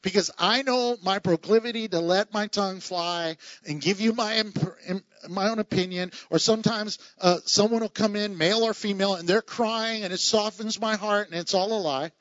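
A man preaching a sermon as pastor, animated, laughing at his own asides and acting out the people in the reading. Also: high-pitched, normal speed, hardly any pauses, no room sound, muffled recording.

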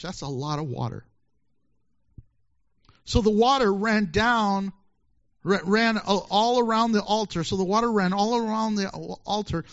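A pastor preaching a sermon, lively and joking, acting out quoted voices as he reads scripture. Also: sits high, dull audio.

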